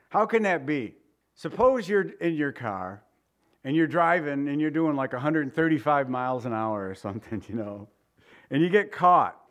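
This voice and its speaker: A man preaching a sermon, telling stories with chuckles and acting out the voices of the people in them. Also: a little high. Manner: animated storytelling with chuckles and acted-out voices.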